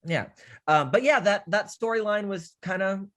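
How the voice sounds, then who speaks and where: A young man hosting a casual film chat, rambling and animated, swearing freely and acting out scenes he loves. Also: sits high, moderate pace. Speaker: podcast host.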